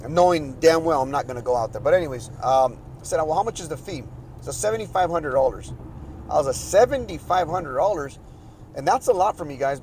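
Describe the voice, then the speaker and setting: A man's voice: fairly high pitch, a little mellow, slight background noise, rough recording. A man hosting a podcast, telling a long frustrated story in a casual, rambling way with many restarts. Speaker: podcast host.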